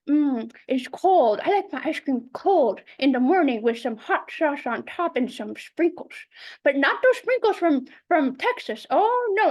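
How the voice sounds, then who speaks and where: A woman doing a fussy old grandmother. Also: high-pitched. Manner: rambling, hesitant, insistent.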